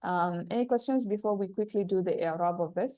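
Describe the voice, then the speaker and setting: A woman teacher takes her students through a grammar text with patient explanations and frequent check-ins. She reads out each passage at speed, then slows right down to unpack it. Her voice sits at a middle pitch, recorded close and dry. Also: no echo, lo-fi sound. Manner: reads Arabic quickly, then explains slowly. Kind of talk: classroom lesson, explaining and translating a text.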